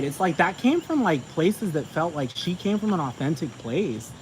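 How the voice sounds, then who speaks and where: Fairly high-pitched with big pitch swings, this man speaks at normal speed and rarely pauses in his ranting monologue as a commentator. He swears emphatically and repeats himself, and vehicle sounds make the recording noisy.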